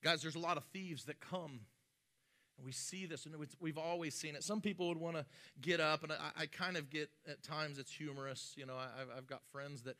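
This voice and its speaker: A man's voice: fairly high pitch, steady tone, a little fast, bright, forceful tone. A male pastor preaching a sermon in a conversational way, with joking asides and frequent restarts.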